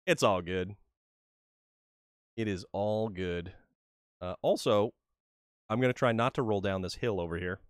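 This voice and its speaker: A man's voice: on the low side, measured pace, pauses often, no room sound, clean studio sound. A man from New England giving casual, joking commentary on his gameplay during a livestream, often repeating words as he starts a sentence. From New England, USA. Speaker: livestream gamer.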